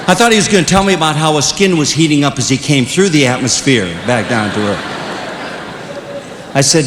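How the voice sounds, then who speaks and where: An older man telling comic stories to young people, swinging between loud punchlines and hushed, earnest moments. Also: lively intonation, fairly quick. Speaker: speaker at a youth conference. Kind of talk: comedic storytelling. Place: large hall. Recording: echoey hall with faint rumble.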